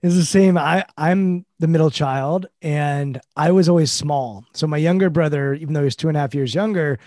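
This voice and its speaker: A man hosting a podcast who asks reflective, measured questions and shares his own memories. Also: a little high, a little mellow, no echo, studio quality. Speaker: podcast host. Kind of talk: podcast interview.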